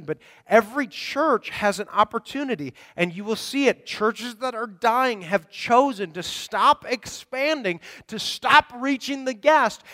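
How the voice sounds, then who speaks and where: A man's voice: extremely high pitch, a bit bright. A man preaching a conversational sermon as pastor, rambling and often repeating words as he talks. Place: church sanctuary. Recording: long reverb of a large hall.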